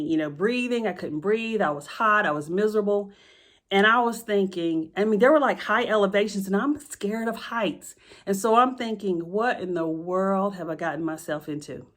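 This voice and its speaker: A woman's voice: fairly low pitch, fairly bright tone. A woman teacher telling a personal story to listeners, chatty and earnest, often calling out to them directly and repeating herself for emphasis. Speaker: sixth grade teacher.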